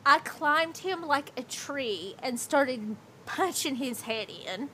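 A woman's voice: sits high, expressive, slow, pushed and bright, a little hiss or hum. A woman in her thirties livestreaming, telling a rambling, profane story with lots of "like" in casual chat.

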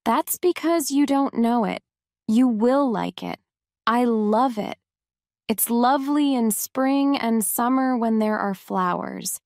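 A woman reading a storybook voices a kind, talkative young servant girl who speaks warmly and sometimes scolds gently. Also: a little high, slow, dry recording, studio quality. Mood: chatty.

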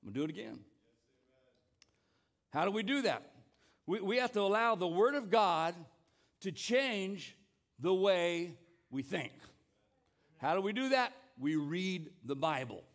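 A man's voice: high-pitched, lively intonation, unhurried, long pauses. A man preaching a sermon as pastor, emphatic, often repeating words and urging the congregation to join in. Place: church service.

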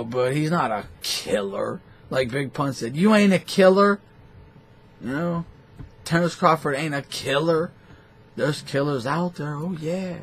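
A man's voice: mid-range voice, vocal fry, a little hiss or hum. A man hosting a boxing talk show, ranting in a profane, rambling and scornful way. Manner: foul-mouthed, animated, scornful.

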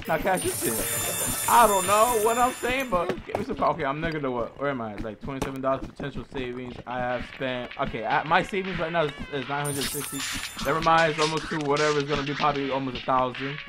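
Hyped gaming commentator, man, shouts at his crowd, music playing. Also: on the high side, brisk. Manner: excitable, yells orders at his mob. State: out of breath. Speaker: gaming YouTuber. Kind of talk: casual let's play commentary. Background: game music.

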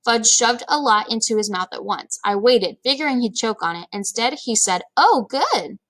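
A woman reading a children's chapter book aloud in a lively, expressive storytelling manner. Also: fairly high pitch, normal speed. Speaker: read-aloud narrator.

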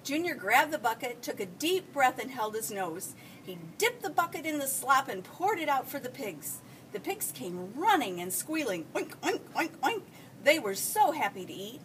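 A woman teacher reading a children's picture book aloud, with a high, lively voice that swoops up and down. She tells the story expressively, recorded from a mic set well away from her, with a faint hiss behind. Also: moderate pace, recorded from a distance, poor audio.

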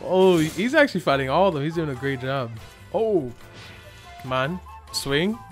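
A young man giving excitable commentary over his gameplay, laughing and yelping often. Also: fairly high pitch, normal speed, faint music behind. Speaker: gaming YouTuber.

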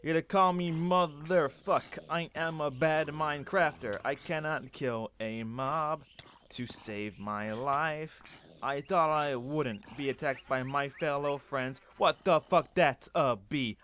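A young man doing loud, profane, melodramatic commentary over a game he is playing. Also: a little high, slow pace. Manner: loud, swearing, melodramatic outbursts. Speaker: gaming YouTuber. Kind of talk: Let's Play commentary.

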